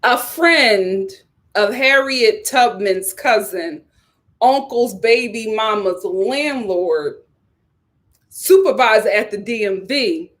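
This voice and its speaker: A young woman, hosting a live-stream review and ranting in animated, casual commentary, repeating lines for emphasis. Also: slow pace. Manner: animated, repeats lines for emphasis, swings between loud outbursts and low mutters. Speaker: YouTube reality-TV reviewer.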